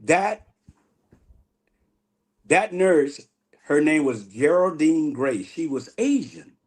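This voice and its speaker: A man giving an animated spiritual testimony in an interview, acting out the dialogue he recounts. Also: on the high side, slow, slightly rough. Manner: animated storyteller, acts out quoted dialogue. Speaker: guest minister.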